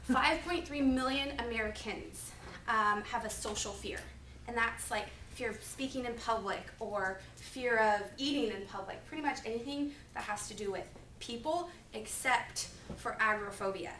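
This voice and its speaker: A woman in her twenties giving a topical sermon as a preaching student, telling personal stories in a chatty, animated way full of "like". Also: on the high side, normal speed, a little hiss or hum. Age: 20s. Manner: chatty, animated, filler-heavy with lots of "like". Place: classroom. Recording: echoey classroom, mic far off.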